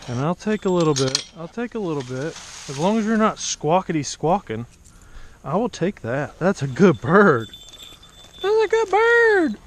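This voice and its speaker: A man with a slightly raised voice talks quietly and patiently outdoors while training a hawk. He narrates casually to the camera, coaxing the bird between remarks. Faint noise sits underneath. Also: fairly high pitch, lively intonation, moderate pace. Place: outdoors among trees.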